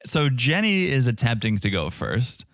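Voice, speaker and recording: A podcast co-host jokes his way through a casual reality show recap, doing playful impressions of the cast. His medium-pitched voice is sing-song and fairly bright at a normal pace, recorded in a clean studio with no room sound.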